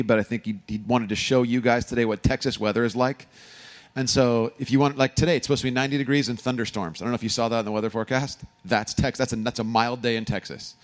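A man, a pastor from California, preaching a sermon with humorous stories and animated emphasis. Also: medium pitch. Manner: storytelling, joking asides, animated emphasis.

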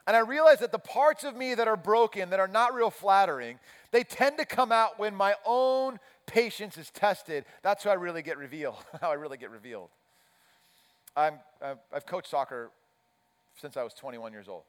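A man's voice: high voice, expressive, normal speed, clear, resonant tone. A man preaching a sermon, telling a self-mocking story and acting out his own chipper coach voice. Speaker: pastor. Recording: long reverb of a large hall.

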